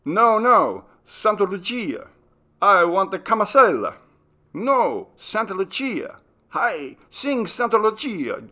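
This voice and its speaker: A man doing a shrill, demanding foreign tourist. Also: sing-song, slow pace, pushed and bright, full character voice. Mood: insistent. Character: demanding foreign tourist shouting requests from a gondola.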